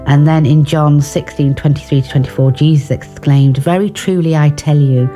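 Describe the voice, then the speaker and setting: A woman's voice: low-pitched, steady tone, normal speed, warm tone, faint music behind. A woman giving an informal devotional talk on prayer, earnest and personal, with restarts and asides. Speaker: devotional speaker.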